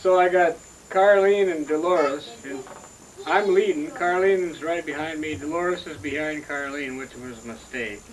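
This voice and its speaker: A man's voice: on the high side, measured pace. A man casually telling a family story at a home gathering, folksy and laughing as he goes. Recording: distant voice, noisy home video.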